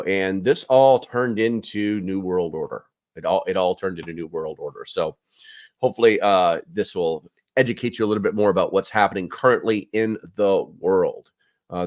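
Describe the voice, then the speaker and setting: Low-voiced man rambling through news. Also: no room sound, studio quality. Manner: rambling, sarcastic, many filler words. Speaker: prepper channel host. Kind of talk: casual news commentary.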